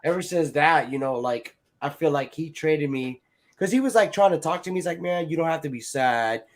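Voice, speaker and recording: A faint hiss or hum accompanies a brisk, slightly high male voice with lively intonation. In casual chat he tells a meandering personal story, swearing freely, sprinkling in "like" and "you know," and mimicking other people's lines.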